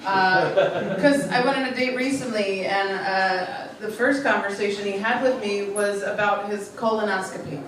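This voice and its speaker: A young woman from Long Island doing a stand-up set in a comedy club, dropping deadpan one-liners and chatting with the crowd, in a Long Island accent. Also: medium pitch, normal speed. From Long Island, New York. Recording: echoey club from far off, noisy. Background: audience laughter.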